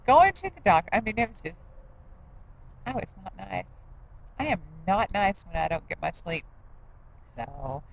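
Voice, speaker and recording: A woman's voice: mid-range voice, a little hiss or hum, rough recording. A middle-aged woman rambling in a casual vlog, self-deprecating with laughing asides. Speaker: diet vlogger.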